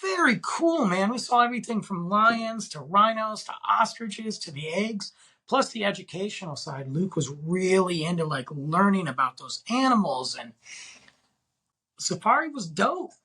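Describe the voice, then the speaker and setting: A man's voice: high voice, sing-song, normal speed, pushed and bright, breathy edge. A man hosting a podcast, talking in a casual, rambling and enthusiastic way full of slang. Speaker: podcast host.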